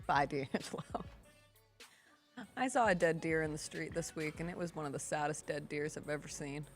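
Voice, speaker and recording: A woman's voice: deep voice, normal speed, soft background music. A woman hosting a talk show, chatting casually and telling stories, laughing easily. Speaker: host. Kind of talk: casual chat.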